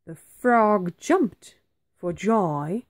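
A woman teacher reading a children's storybook aloud, slow and very expressive. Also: mid-range voice, no echo.

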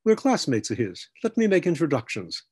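A man's voice: on the high side, huge pitch swings, a little fast, darkish tone, slightly rough, voice pushed up, heavily acted. A man doing a hearty Irish centaur trainee. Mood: jovial. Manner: jovial, chatty, explaining. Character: big hearty red-haired Irish male centaur cavalry trainee.

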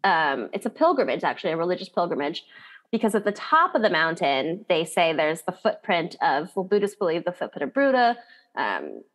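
A woman's voice: on the low side, big pitch swings, fairly quick. A woman guest on a podcast interview, telling a personal story in a candid, chatty way with lots of "like".

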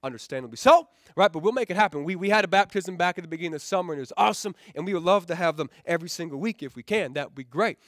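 Male pastor, high voice, dry close sound; relaxed conversational sermon with restarts and light humor. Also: very fast, few pauses, no room sound. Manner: conversational, often stumbles and repeats words; keeps checking in with the crowd with "right?". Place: rented event hall used for church.

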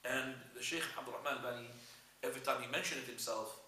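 A male religious teacher giving a lesson, retelling stories in an animated way. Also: mid-range voice, quick pace, a little hiss or hum. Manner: animated storyteller, frequent fillers and restarts. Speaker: Islamic teacher. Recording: echoey room, speaker far from mic.

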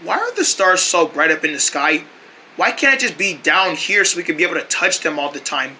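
A man voicing a sleepy, tipsy male friend who asks soft, wondering questions. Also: a little high, big pitch swings, fairly quick, slight background noise, exaggerated voice. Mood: drowsy, curious.

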